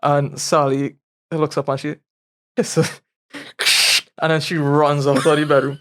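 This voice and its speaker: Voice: mid-range voice, slow pace, pauses often. Co-presentador de pódcast que ríe mucho. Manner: animated storyteller, laughs often, nonstandard grammar. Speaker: podcast co-host. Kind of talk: casual comedic brainstorming.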